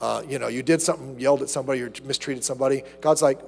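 A man preaching a sermon as pastor, animated, acting out little asides and quotes. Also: medium pitch, racing, creaky, breathy edge, long reverb tail.

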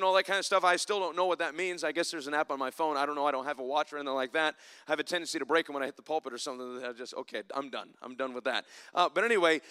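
A man preaching a sermon in church, climbing to loud emphatic passages and dropping to soft, reflective asides. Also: a little high, clean tone. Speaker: pastor.

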